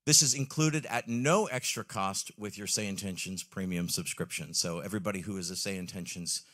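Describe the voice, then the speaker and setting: A man's voice: low-pitched, a little fast, bright, forceful tone. A man giving an enthusiastic live product presentation on a trade-show stage, with frequent ums and questions to the audience.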